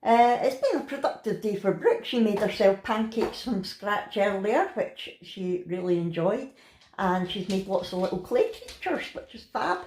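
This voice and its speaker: A woman's voice: mid-range voice, normal speed, a little hiss or hum. A worn-out Scottish woman talks casually to her camera while lying in bed at home. Her voice sits in a middle range, and her chat runs easy and friendly, broken often by laughter. She is a middle-aged family vlogger catching up with her viewers. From Scotland. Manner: chatty, laughs often, tired and relaxed. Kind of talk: casual chatty vlog.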